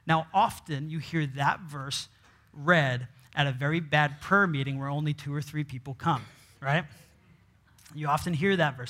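A man preaching a sermon in a somewhat high voice, reading scripture aloud. He keeps posing rhetorical questions to the congregation and answering them himself, restarting his sentences often. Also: moderate pace, pushed and bright. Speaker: pastor.

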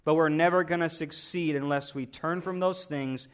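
A man's voice: a little high, fairly even intonation, normal speed. A man pastor preaching a sermon in a conversational way, asking rhetorical questions and often repeating his words.

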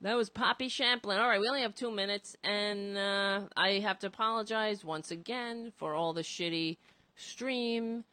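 A woman hosting a casual political talk show, rambling, cursing and animated as she talks. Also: mid-range voice, moderate pace, clear, resonant tone, no echo.

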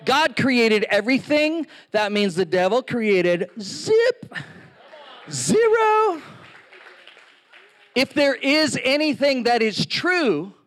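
A man preaching a sermon, telling stories with lively acted-out quotes. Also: very high-pitched, takes it slowly, a faint crowd. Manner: animated storytelling with acted-out quotes.

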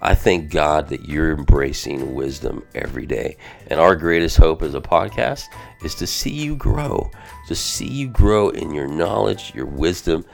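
A man's voice: sits low, gravelly. A man hosting a devotional podcast as a pastor, talking casually and energetically, often saying "man" and "bro".

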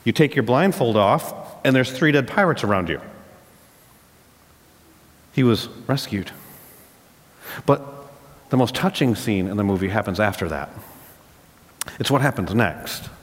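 A man's voice: on the low side, animated, unhurried, pauses often, long reverb tail. A married man preaching a sermon as a pastor, retelling a story and then driving points home with emphatic repetition.

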